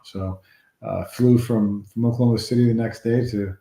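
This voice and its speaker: Deep-toned man telling baseball stories. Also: normal speed, vocal fry, echoey room. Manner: rambling, animated anecdotes with restarts. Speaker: former baseball player, guest. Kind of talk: storytelling interview.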